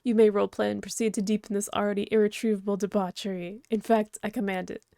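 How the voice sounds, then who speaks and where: A woman's voice: medium pitch, little pitch movement, fast, gravelly, warm tone, dry recording, clean studio sound, close to an everyday voice. A woman voicing a prim, snobbish and very strong male troll aristocrat, haughty and formal, reading a webcomic aloud. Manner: haughty, fussy, formal wording.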